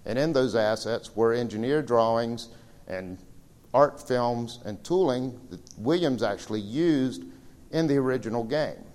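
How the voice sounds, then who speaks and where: A man's voice: medium pitch, a little slow, a little mellow. A man giving a slideshow seminar talk, telling stories in a casual, rambling way with fillers. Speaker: seminar presenter. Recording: reverberant hall recording.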